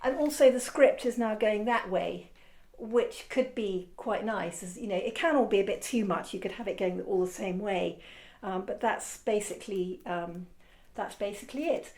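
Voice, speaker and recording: A woman's voice: medium pitch, normal speed, few pauses, darkish tone. A woman art teacher giving a casual, rambling demonstration lesson, encouraging and often correcting herself.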